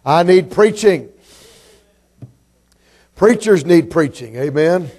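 A guest preacher from Georgia, telling folksy stories to his congregation. His voice is mellow and somewhat high. He talks in easy asides. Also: lively intonation, slow pace, husky. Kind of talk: sermon with humorous story.

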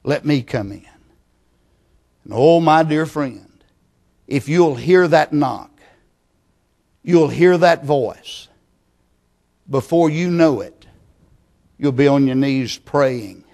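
Slow, earnest preacher man. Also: on the high side, gravelly. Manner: earnest, pleading, drops to hushed tones. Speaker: pastor. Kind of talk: sermon. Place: church.

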